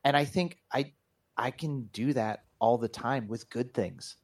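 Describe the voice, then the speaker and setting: In a reflective interview conversation, this man, a pastor and author, talks with a mid-range, slightly breathy voice at a measured pace. He comes across as earnest and thoughtful, framing things in spiritual language.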